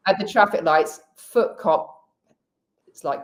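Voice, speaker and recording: A woman guest, telling a personal story in casual chat, animated and expressive with quick restarts. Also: low voice. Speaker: guest speaker.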